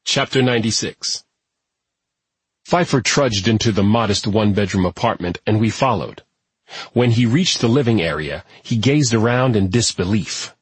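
A man reading an audiobook narration in a steady, even manner. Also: fairly low pitch, moderate pace, slightly rough, dry recording. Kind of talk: scripted narration.

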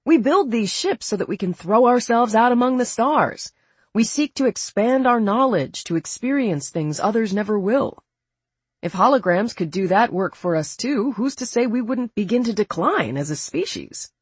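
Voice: mid-range voice, lively intonation, normal speed, husky, no room sound, pitched above the performer's own voice. A narrator voicing an impulsive, idealistic young male officer speaking with enthusiasm. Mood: impassioned.

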